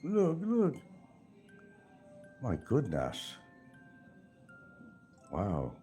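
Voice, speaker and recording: A man's voice: mid-range voice, huge pitch swings, very slow, warm tone, faint music behind. An older man hosting a casual livestream, rambling and sarcastic with frequent chuckles. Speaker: livestream host.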